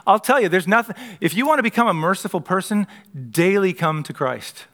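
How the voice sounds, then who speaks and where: A male pastor with a high, bright voice delivers a sermon in an easy, conversational way. He slips humorous asides into the scripture reading and sometimes stops to correct himself. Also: expressive, a little fast.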